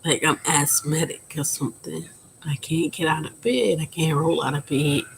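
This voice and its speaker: A woman in her thirties talking frankly and at length in a personal vlog, keeping her voice quiet and subdued and rambling with many fillers. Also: low-pitched, fairly even intonation, normal speed, vocal fry, slight background noise, rough recording. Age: 30s. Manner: quiet, subdued speaking volume. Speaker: vlogger. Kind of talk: candid personal vlog talk.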